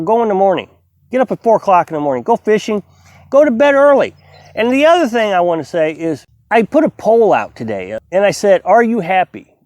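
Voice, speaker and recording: Man in his fifties, vlogger, lively high voice, dry close sound, preachy pep-talk delivery. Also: dry recording. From United States. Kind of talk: casual talk to camera.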